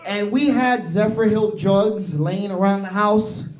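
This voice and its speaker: Brash high-voiced young comic. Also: male voice, unhurried. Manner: brash, profane, switches into Spanish. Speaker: stand-up comedian. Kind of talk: stand-up comedy set. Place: small improv theatre stage. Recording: roomy live club recording with crowd.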